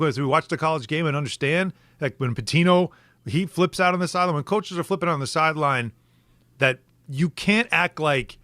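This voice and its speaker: A middle-aged man hosting a sports talk show, questioning his co-hosts in an animated way with frequent restarts. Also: on the high side, dry recording. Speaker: sports radio host. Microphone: studio microphone.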